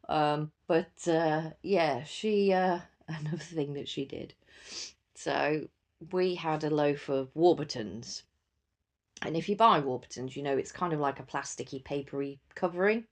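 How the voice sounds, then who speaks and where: A young woman hosting a podcast, chatting casually with lots of fillers and frequent laughter. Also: extremely low pitch. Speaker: podcast host. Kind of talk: casual solo chat.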